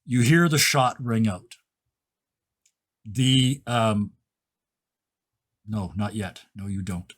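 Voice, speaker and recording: A man running a tabletop role-playing game, describing scenes with enthusiasm and quick asides. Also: on the low side. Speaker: game master.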